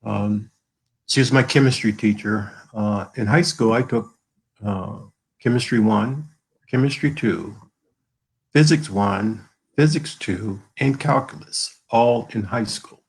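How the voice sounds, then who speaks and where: Guest author, male, from the American South: low gravelly voice, husky edge, earnest and halting, on a video call. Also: poor audio. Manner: earnest, halting, with many fillers. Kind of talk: emotional personal storytelling.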